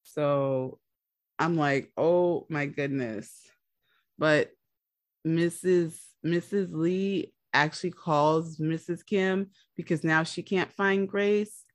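A woman podcast host recaps a TV episode in a relaxed, chatty storytelling manner. She talks slowly in a lowish voice, and the recording is dry and close. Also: dry recording.

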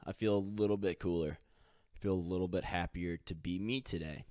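Casual low-voiced man rambling on a podcast. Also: steady tone, a little fast, a little mellow, no echo, studio quality. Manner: casual, filler-heavy, swearing, mimics others. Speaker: podcast host.

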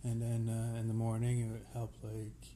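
A co-host chatting casually on a home podcast, halting and unhurried, with many fillers. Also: medium pitch, monotone, dark tone, slight background noise. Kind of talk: casual chat.

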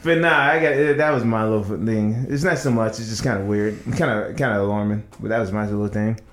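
A man's voice: on the low side, brisk, reverberant. A man co-hosting a podcast, telling casual stories and acting out other people's lines. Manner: animated storyteller acting out quoted voices. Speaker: podcast co-host. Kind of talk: casual chat.

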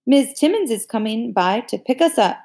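A woman's voice: fairly high pitch, expressive, normal speed, darkish tone, pitched above the performer's own voice. A woman voicing a prim, bossy teenage girl who corrects others and sweet-talks.

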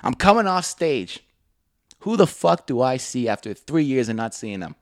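A man's voice: mid-range voice, moderate pace, no room sound, clean studio sound. A young man, co-hosting a podcast and telling stories in a casual, swearing, giggly way. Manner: animated, swearing, giggling, mimics voices in stories. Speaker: podcast co-host. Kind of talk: casual storytelling chat.

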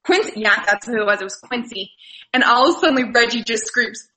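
Bright, lively high-voiced woman. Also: fairly quick, low-quality recording. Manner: animated, excitable storytelling. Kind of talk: casual group chat.

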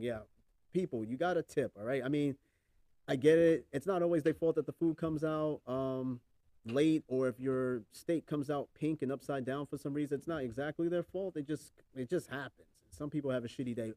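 A man's voice: medium pitch, normal speed, dark tone, dry recording. A man hosting a podcast, chatting casually and swearing freely, rambling with lots of fillers. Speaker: podcast host. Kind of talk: casual chat.

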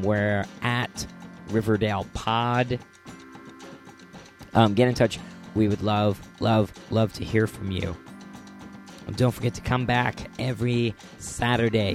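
A man hosting a podcast, talking casually with a raspy, sore-throated voice and lots of fillers and restarts. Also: lowish voice. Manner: rambling, many fillers and restarts. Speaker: podcast host.

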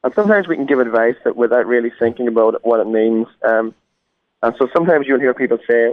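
A man's voice: mid-range voice, fast talker, dry recording. An Irish man, a guest musician, talking earnestly in a phone interview. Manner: earnest, preacherly. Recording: tinny phone line.

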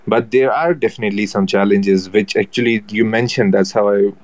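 A man's voice: fairly low pitch, fairly quick, no room sound. A man speaking up from the audience of a casual online audio chat, laying out his points in an earnest, methodical way with hesitations.

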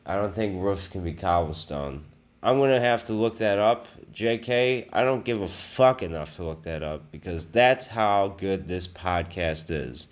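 A man hosting a comedy podcast, talking casually in a crude, rambling, self-mocking way. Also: fairly low pitch. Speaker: podcast host.

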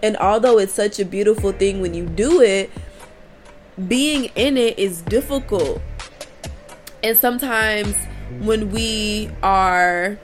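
A woman's voice: medium pitch, slow pace, soft background music. A woman vlogger talking candidly to her viewers, her voice worn from recent crying, confiding and laughing through her frustration. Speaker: spiritual vlogger. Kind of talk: candid casual monologue to viewers.

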